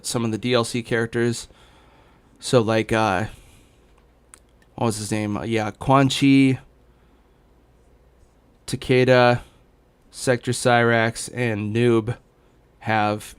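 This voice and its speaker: A man's voice: mid-range voice, clear, resonant tone. A young man chatting casually as a gaming streamer, rambling with many fillers and restarts while hiccuping. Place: home in Los Angeles.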